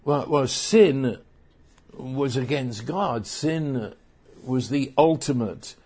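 A man preaching a sermon, slow and emphatic, often restarting his phrases. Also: medium pitch, darkish tone, breathy edge.

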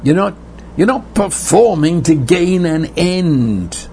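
Male preacher, slow and deliberate, earnest sermon delivery, slightly higher-pitched voice. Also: lively intonation, vocal fry, mellow, a little hiss or hum. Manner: earnest, repeats words, slows for emphasis.

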